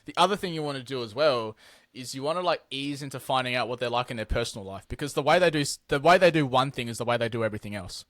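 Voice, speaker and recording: A man's voice: medium pitch, fast talker, no echo, studio quality. A man, a business owner guest, telling blunt, sweary stories in a casual interview. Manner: blunt, sweary, animated storytelling.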